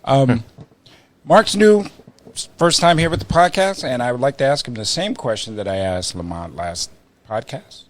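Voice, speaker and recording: An upbeat man hosts a casual podcast, often breaking into laughter. His pitch moves around a lot as he introduces his guests. He sounds cheerful and easygoing. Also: animated, moderate pace, a little hiss or hum. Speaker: podcast host. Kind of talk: casual chat. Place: cigar lounge.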